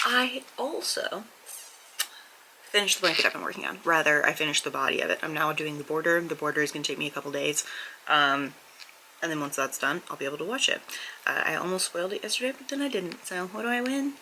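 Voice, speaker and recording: A woman's voice: deep voice, quick pace, pushed and bright, a little hiss or hum, poor audio. A woman book vlogger chatting candidly and rambling about her reading, recorded on a camera mic at home. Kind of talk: casual vlog chat.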